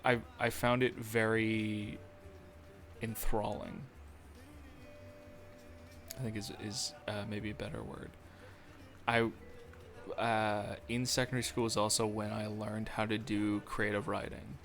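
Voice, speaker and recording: A man's voice: on the low side, level tone, slow pace, long pauses. Rambling young man streaming. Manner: rambling, self-deprecating, filler-heavy. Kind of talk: casual live-stream chat. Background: faint music.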